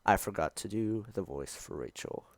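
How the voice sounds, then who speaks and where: Excitable self-mocking man gaming. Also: low voice, normal speed, no echo. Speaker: YouTuber playing a text adventure. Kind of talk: reading a text game aloud with running commentary.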